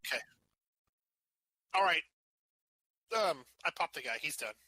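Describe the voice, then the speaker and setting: Bright-voiced male player. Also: fairly high pitch, lively intonation, a little slow, poor audio. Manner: decisive, in-character questioning. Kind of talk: tabletop role-play over voice chat.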